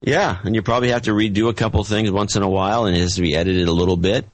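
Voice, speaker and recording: A man co-hosting a podcast in casual chat, opinionated and quick to offer advice. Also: on the low side, fairly even intonation. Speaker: podcast co-host.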